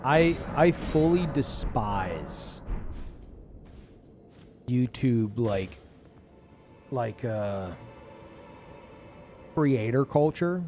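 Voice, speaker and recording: A man's voice: mid-range voice, drawn-out words, long pauses, faint music behind. A young man streaming a video game, ranting casually with lots of swearing and filler words. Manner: profane, animated, lots of fillers. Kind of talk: casual live-stream rant while gaming.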